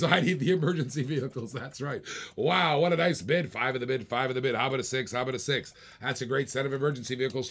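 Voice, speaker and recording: Gravel-voiced man, slightly high, running a live online auction with jokey repeated bid calls. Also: a bit bright. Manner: playful, repetitive bid patter with jokes. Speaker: auctioneer and host.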